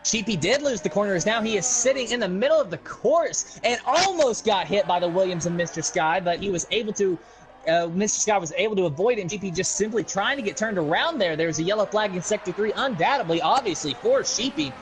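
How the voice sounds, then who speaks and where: A man calling fast play-by-play on an online racing league stream. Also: high-pitched, animated. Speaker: sim racing lead commentator. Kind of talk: live esports race commentary.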